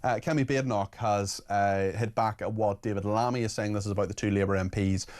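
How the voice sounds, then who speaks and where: A man hosting a talk radio phone-in, chatting with callers and reading out listener messages in a brisk, chatty way. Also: on the low side, steady tone, darkish tone.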